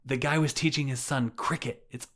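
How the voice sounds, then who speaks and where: A man's voice: mid-range voice, fairly even intonation, a little fast, fairly bright tone. A man co-hosting a comedy podcast, reading an adventure book aloud with dry, sarcastic asides. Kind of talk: casual comedic chat and narration.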